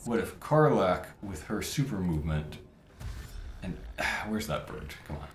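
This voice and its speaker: Low lively man musing over game tactics. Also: measured pace. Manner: thinking aloud, muttering tactics. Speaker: gameplay commentator. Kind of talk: casual let's-play commentary. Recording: roomy mic with game music behind.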